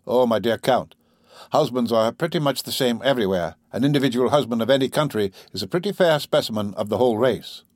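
A man reading a chatty young French viscount in an audiobook, in an animated, slightly raised voice. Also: mid-range voice, fairly quick, no echo, clean studio sound, lightly acted. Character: young male French viscount, lively and gossipy. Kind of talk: audiobook character voice.

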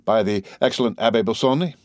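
A man reading the part of a suave, courteous nobleman count, speaking in a smooth, measured way. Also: fairly low pitch, no echo, studio quality, lightly acted.

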